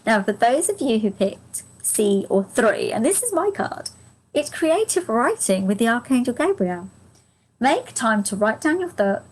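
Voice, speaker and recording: A woman's voice: a little high, very animated, measured pace, a little mellow, breathy edge, poor audio. A woman giving a live angel card reading to viewers. She is chatty and gushing, laughs often, talks to viewers by name, and her voice is strained and fading.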